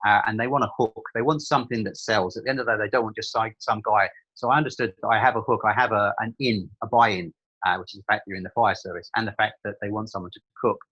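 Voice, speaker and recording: Fast-talking middle-aged Irish man. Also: lowish voice, steady tone, a bit bright, breathy edge, dull audio. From Limerick, Ireland. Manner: chatty storyteller with frequent restarts and humour. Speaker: guest. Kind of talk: casual interview chat.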